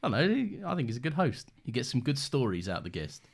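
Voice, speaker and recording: A man's voice: medium pitch, big pitch swings, fast, gravelly. A man with an enthusiastic, earnest manner, co-hosting a casual chat reviewing a film. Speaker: podcast co-host.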